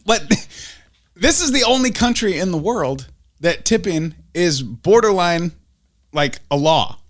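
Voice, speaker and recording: Male co-host; high, expressive voice; jokey, teasing casual chat. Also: slow pace. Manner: laughs often, teasing banter. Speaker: podcast co-host.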